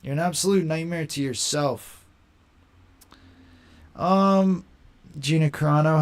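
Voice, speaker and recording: A young man hosting a casual live stream, talking in a slangy, rambling way and quick to mock. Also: on the high side, smooth. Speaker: livestream host.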